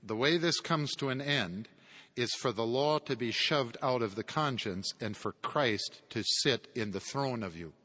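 A man's voice: mid-range voice, a little slow, pushed and bright. A man giving a conversational theology lecture with chuckling asides. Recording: long hall reverb.

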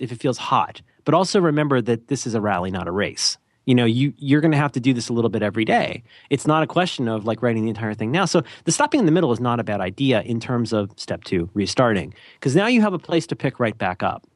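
A man's voice: mid-range voice, sing-song, fast, no room sound, clean studio sound. A man co-hosting a podcast in a casual, rambling, jokey way, with self-deprecating asides. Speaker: podcast co-host.

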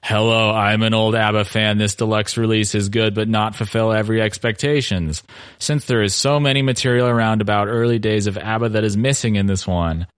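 A stiff, grumbling old fan complains about a record release in a flat, robotic way, read out by a man. The voice sits low and the delivery plods along stiffly. The sound is dry and close. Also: fairly quick, clear, resonant tone, no room sound, lightly acted. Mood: stilted. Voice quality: stilted, robotic reading.

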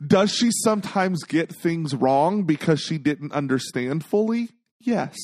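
Male co-host, higher voice, blunt and emphatic, dry close mic. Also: lively intonation, unhurried, a little mellow, no echo. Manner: blunt, emphatic, swears freely. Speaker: podcast co-host. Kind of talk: casual chat.

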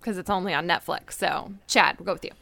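A woman hosting a casual talk show, chatty and quick to laugh. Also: fairly low pitch, gravelly, sharp tone, no room sound. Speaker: podcast host. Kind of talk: casual chat.

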